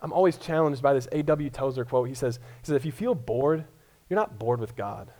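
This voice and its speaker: A young pastor from Colorado delivers a sermon in a casual, self-deprecating way, often stammering and restarting his words. His voice is medium-pitched and somewhat dark, and he speaks in an animated, fairly quick manner.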